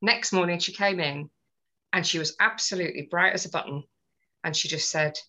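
A woman's voice: on the low side, a little fast, sharp tone, low-quality recording. A woman on a podcast, telling a personal story in earnest, detailed casual chat. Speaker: podcast co-host.

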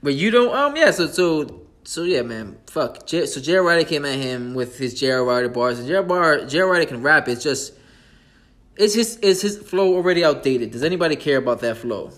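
A man hosting a casual hip-hop talk podcast, loose and profane, often laughing and speaking in quick bursts. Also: fairly high pitch, expressive, a bit bright. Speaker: podcast host.

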